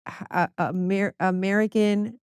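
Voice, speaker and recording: A woman's voice: mid-range voice, fairly even intonation, unhurried, darkish tone, clean tone, no echo, clean studio sound. A woman guest on a podcast, chatting casually and animatedly, laughing often and swearing freely. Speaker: podcast guest, music publicist. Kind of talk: casual chat.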